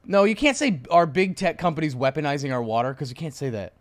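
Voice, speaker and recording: A man's voice: fairly high pitch, sing-song, quick pace. A man hosting a live stock trading stream, chatting to viewers in a brash, mocking way and muttering to himself now and then. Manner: brash, mocking, talks to chat; muttering to himself while writing.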